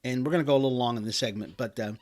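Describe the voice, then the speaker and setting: Middle aged guy doing a podcast pep talk, emphatic, lots of restarts and ums, regular pitch. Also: rapid-fire. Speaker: podcast host. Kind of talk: motivational talk.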